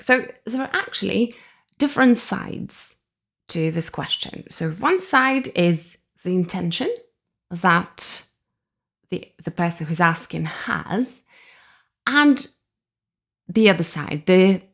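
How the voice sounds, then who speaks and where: A woman with a Russian accent talks through her thoughts on a solo podcast. Her pitch swings widely and expressively as she reasons aloud, and she often laughs mid-sentence. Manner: thoughtful, lively, laughs often while explaining. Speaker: podcast host. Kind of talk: reflective solo podcast talk.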